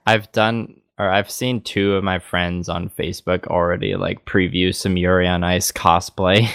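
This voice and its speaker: A man's voice: sits low, measured pace, gravelly, smooth, no room sound, studio quality. A man co-hosting an anime podcast, chatting casually and rambling with frequent laughs. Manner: relaxed, rambling, laughs often. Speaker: podcast co-host. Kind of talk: casual chat.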